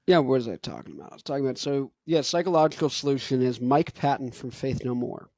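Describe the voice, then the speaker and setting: On his show, a young male host rambles about singing technique with a stuffed nose, dropping "like" fillers constantly. His medium-pitched voice is animated and a little mellow, he talks fast, and there's no echo.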